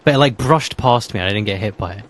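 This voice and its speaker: A man's voice: fairly low pitch, fast, poor audio. A young man co-hosting a podcast, telling a childhood story in casual chat and filling his speech with "like". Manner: fills speech with "like". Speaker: podcast co-host.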